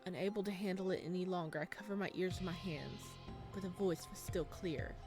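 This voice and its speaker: Woman reading a visual novel out loud, reacting as she goes, soft music in back. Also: fairly low pitch, fairly quick. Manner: reacts aloud between lines.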